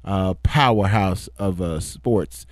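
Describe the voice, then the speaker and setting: A man's voice: low voice, takes it slowly, no echo. Playful male talk show host, dry sound. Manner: repetitive, playful. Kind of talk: casual chat.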